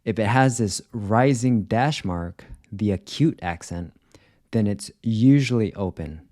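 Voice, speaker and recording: Slow, deliberate male language teacher. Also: lowish voice, lively intonation, dark tone, no echo, studio quality. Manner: careful, clearly enunciated example words. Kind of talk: slow, deliberate pronunciation lesson.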